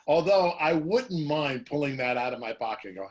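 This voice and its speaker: A man's voice: on the high side, moderate pace. A radio personality man in a casual comedic chat over a video call, laughing often as he tells stories. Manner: laughs often, animated storytelling.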